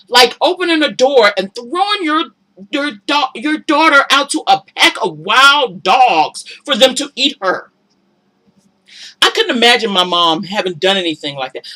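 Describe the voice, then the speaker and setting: A woman giving casual vlog commentary on a reality show, talking in an animated, incredulous way that climbs into exasperated outbursts. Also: fairly high pitch.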